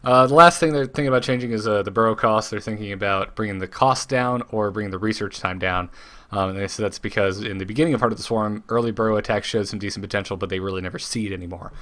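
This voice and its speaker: A man hosting a casual podcast, talking with enthusiasm and quick jokes. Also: fairly low pitch, fairly bright tone. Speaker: podcast host.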